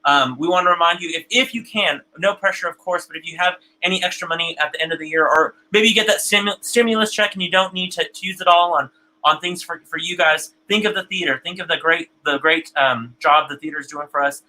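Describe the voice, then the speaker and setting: A man with a very bright, slightly high voice hosts a live stream, reading viewer comments aloud. He talks in a loose, chatty way, restarting his sentences, and gets emotional as he goes. He sounds like he is on a video call. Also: fast, low-quality recording. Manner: chatty, repeats words often, gets emotional. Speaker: host of an online theater broadcast.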